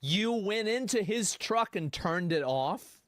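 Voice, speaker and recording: A male streamer chats with his viewers while reacting to clips, his voice sitting high and swinging up and down. He sounds exasperated and jokey. The sound is close and dry. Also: slow pace, dry recording. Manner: animated, exasperated, jokey asides. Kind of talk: casual live-stream reaction.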